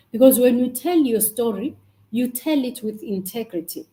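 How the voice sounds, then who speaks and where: A woman's voice: a little high, mellow, echoey room, rough recording. A woman with a Xhosa accent hosting over a video call, giving an emphatic, preacher-like inspirational talk. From South Africa. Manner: emphatic, preacher-like, rising bursts. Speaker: host.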